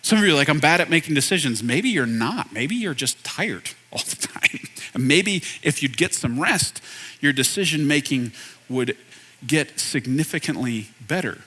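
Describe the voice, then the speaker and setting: Man, 30s, pastor; bright, slightly high voice, relaxed conversational preaching. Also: a little slow, husky. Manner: conversational, self-deprecating, asks the audience questions. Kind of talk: sermon. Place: church hall.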